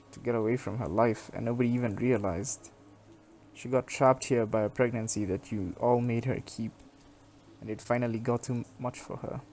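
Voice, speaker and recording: A man's voice: medium pitch, darkish tone, a little hiss or hum, close to an everyday voice. A man reading the lines of a distraught young woman who accuses her small town, in an angry, heavy-hearted manner. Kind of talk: reading game dialogue aloud.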